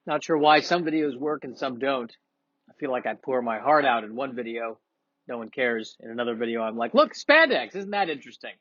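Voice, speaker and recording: Sniffly male comic rambling, self-mocking, mid pitch, dry slightly muffled sound. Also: fairly even intonation, brisk, a bit bright, no room sound. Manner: self-deprecating, rambling with many restarts. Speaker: comedian vlogger. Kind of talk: casual rambling monologue.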